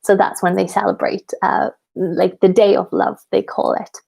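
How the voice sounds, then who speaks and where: Chatty Welsh woman with gravelly fry. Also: mid-range voice, level tone, moderate pace, a little mellow. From Wales. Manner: chatty, laughs often, many ums. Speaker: English teacher and channel host. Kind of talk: live question-and-answer chat.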